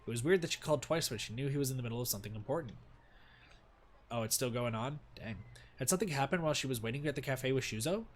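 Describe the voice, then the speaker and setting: A man streaming a game, reading its narration aloud and reacting in a playful, animated way. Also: medium pitch, quick pace. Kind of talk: narrating and reacting to a visual novel.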